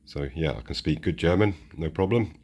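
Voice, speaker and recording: A man's voice: a bass voice, expressive, normal speed, a little mellow. A man chatting casually and rambling as he unboxes and shows off model trains for his channel. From United Kingdom. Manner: chatty and rambling, restarts sentences. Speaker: model railway channel host. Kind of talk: casual chat while unboxing.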